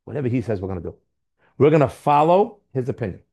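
A man's voice: mid-range voice, big pitch swings, fast talker, vocal fry, darkish tone. A man teaching a Torah class to young listeners, emphatic and full of rhetorical questions, repeating key words for stress.

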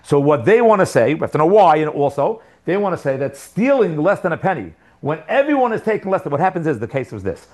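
A man's voice: a little high, very animated, quick pace, few pauses, a little mellow. A man teaching a religious text class, reading passages and thinking aloud with lots of rhetorical questions. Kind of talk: lesson with text study. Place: living outside America.

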